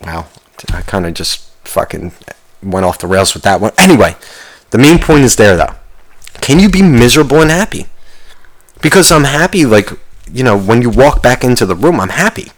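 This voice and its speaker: A man's voice: medium pitch, big pitch swings, moderate pace, poor audio. A man in a rambling comic rant, thinking aloud. His voice sits in the middle of the male range, loose and profane. He keeps circling back to his point. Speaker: vlogger.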